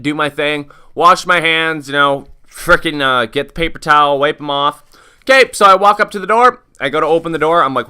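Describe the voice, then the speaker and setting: A young vlogger with a smooth, medium-pitched voice tells a story casually, swearing freely. He animatedly acts out what was said, filling the retelling with quoted asides.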